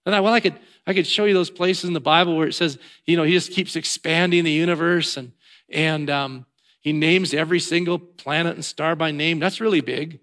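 A male preacher giving a sermon, shifting between loud emphatic lines and quiet, low passages, with repeated rhythmic phrases. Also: fairly even intonation, fairly quick.

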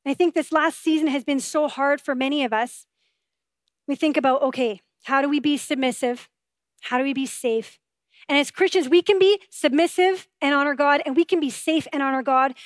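A pastor delivers a sermon in a high, clear voice at a moderate pace, earnest and conversational, frequently turning to rhetorical questions. The recording is close and dry, with no room sound around her.

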